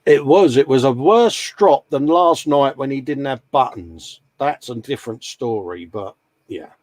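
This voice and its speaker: A man's voice: medium pitch, lively intonation, measured pace, darkish tone, no echo. A man hosting a casual live-stream chat, rambling and friendly, calling everyone mate. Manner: chatty, rambling, calls people mate. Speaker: host.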